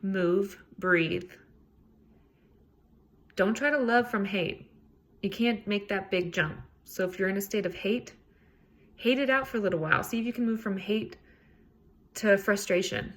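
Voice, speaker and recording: A woman's voice: medium pitch, unhurried, pauses often. A woman hosting a solo self-help podcast, talking in a casual, earnest way and swearing freely. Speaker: podcast host.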